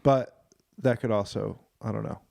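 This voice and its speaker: Gravelly man rambling on a podcast. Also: lowish voice, fairly even intonation, normal speed, darkish tone, dry recording, clean studio sound. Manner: rambling, swearing, drops into silly voices. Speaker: podcast co-host. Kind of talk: casual podcast banter.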